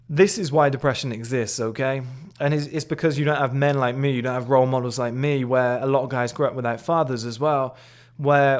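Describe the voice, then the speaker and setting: A cocky man in his twenties delivers a motivational monologue to young men. His talk is blunt and peppered with swearing. He sounds boastful and self-assured, at an ordinary pitch for a man. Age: 20s. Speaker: men's lifestyle creator.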